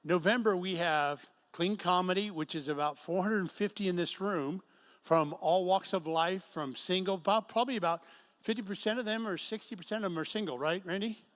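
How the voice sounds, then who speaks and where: A man's voice: high-pitched, a little fast, a bit bright. A middle-aged man preaching a sermon to a singles group in an event room, telling stories and acting out quotes. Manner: storytelling with acted quotes. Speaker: pastor.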